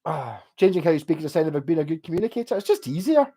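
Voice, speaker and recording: This Scotsman, whose Glaswegian accent is softened, responds to viewer comments in a relaxed livestream chat, wandering off track, restarting sentences, cursing freely and laughing as he goes. His slightly high voice swings widely in pitch at a quick, breathy pace.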